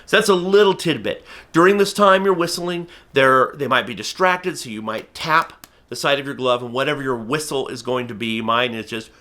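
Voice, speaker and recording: A man's voice: mid-range voice, moderate pace. A man teaching how to train a falcon to hop to the fist, talking to camera with emphatic energy. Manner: energetic, emphatic, acts out bird and viewer voices. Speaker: falconry instructor. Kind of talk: instructional talk to camera.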